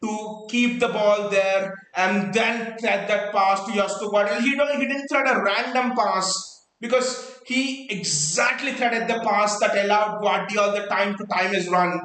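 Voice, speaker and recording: Hosting a fan watchalong, a man reacts live to a football match in an echoey room, his high voice ringing out. He's breathless and excitable, repeating words and stumbling as thoughts rush out, though his pace is a little slow with few pauses.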